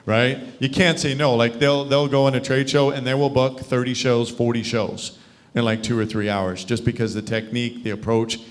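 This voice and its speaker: A man's voice: medium pitch, flat delivery, moderate pace. Guy running a sales training on a call, asks the group questions a lot. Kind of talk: live training session. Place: video call.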